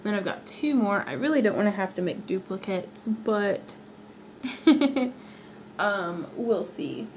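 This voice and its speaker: A woman's voice: mid-range voice, sing-song, slow pace, a little hiss or hum, low-quality recording. A woman hosting a craft livestream from her home workspace, chatting playfully and laughing often as she works. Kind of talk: chatty livestream while working.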